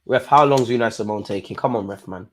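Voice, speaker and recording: A man hosting a live football watchalong, reacting loudly to the screen with heavy slang and swearing. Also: on the low side, fast. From England. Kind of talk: live match watchalong commentary.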